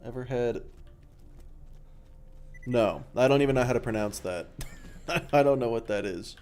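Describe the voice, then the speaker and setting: A man's voice: medium pitch, measured pace, darkish tone. A young Australian man streaming a game and chatting casually with viewers, joking and swearing freely. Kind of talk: casual chat while gaming.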